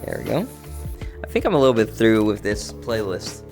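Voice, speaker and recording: A man's voice: on the low side, very animated, moderate pace, vocal fry, a little mellow. A man livestreaming from home in VR, chatting casually with his viewers in an easygoing, rambling way. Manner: easygoing, rambling, talks to chat. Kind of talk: casual stream chat with viewers. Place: home streaming setup, playing in VR. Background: faint background music.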